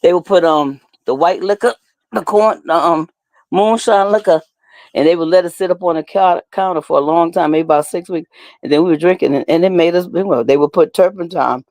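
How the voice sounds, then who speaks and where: A woman co-hosting an interview, chatting casually in a relaxed, colloquial way and telling stories. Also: lowish voice, fairly quick, no echo. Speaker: co-host.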